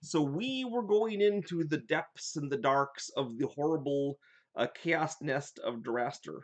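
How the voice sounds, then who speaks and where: An older man with a fairly high voice chats casually on a live stream and drifts from topic to topic. He tells his gaming stories with lively energy and often breaks off to restart a sentence. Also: a little slow. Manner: animated storyteller, rambling with restarts. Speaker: game designer hosting a live chat.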